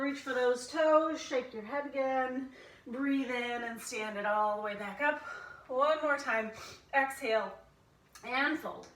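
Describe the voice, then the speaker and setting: A woman's voice: high-pitched, a bit bright, reverberant, far from the mic, rough recording. A woman instructor guiding a family yoga class, playfully cueing breaths and inviting animal sounds.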